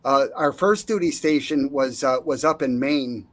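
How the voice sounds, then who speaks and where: A middle-aged man recounting his life in a relaxed interview, acting out the voices of the people he quotes, with frequent fillers and restarts. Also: mid-range voice, moderate pace. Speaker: interview guest, Navy veteran. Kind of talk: casual storytelling.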